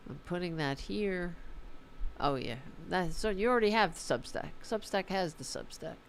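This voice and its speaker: A tired woman hosts a political livestream in a lowish, animated voice at normal speed, with a little hiss or hum in the audio. She reads the chat and signs off casually, swearing freely and sounding fired up about politics.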